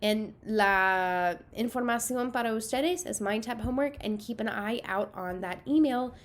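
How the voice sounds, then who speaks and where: A woman's voice: on the high side, normal speed. Spanish teacher woman explaining grammar step by step. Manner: explains step by step, switches between English and Spanish. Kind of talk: recorded online class lecture.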